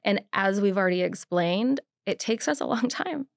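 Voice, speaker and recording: A woman's voice: mid-range voice, lively intonation, moderate pace, vocal fry, no echo, studio quality. A young adult woman co-hosting a podcast in casual chat, easygoing, chiming in with agreement and quips. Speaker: podcast co-host.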